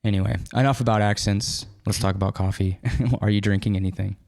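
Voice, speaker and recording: A man in his early thirties hosts a relaxed podcast chat, loose and a little profane. His voice sits low with plenty of fry. The sound is dry and close. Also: a little fast, no echo. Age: 30s. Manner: loose, swearing, chatty. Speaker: podcast host. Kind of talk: casual chat.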